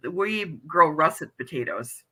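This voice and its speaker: Bright-voiced Wisconsin woman hosting a chat. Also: low voice, expressive, unhurried. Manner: chatty, reads chat messages aloud. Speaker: livestream host. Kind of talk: casual chat.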